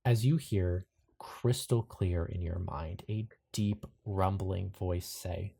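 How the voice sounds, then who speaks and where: A man narrating a tabletop horror game as game master, calm and matter-of-fact. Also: deep voice, takes it slowly, gravelly, breathy edge.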